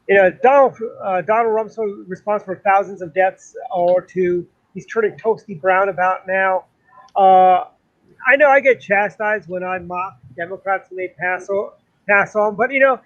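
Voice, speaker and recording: A man's voice: high voice, highs cut off. A man co-hosting a political talk show, indignant and rambling with lots of fillers. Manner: indignant, talks in long runs with many fillers. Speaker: co-host. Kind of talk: political commentary chat.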